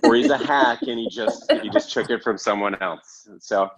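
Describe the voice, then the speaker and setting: A man's voice: mid-range voice, moderate pace, crowd noise, poor audio. A man hosting a casual chat, rambling and self-correcting and laughing often. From Canada. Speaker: podcast host.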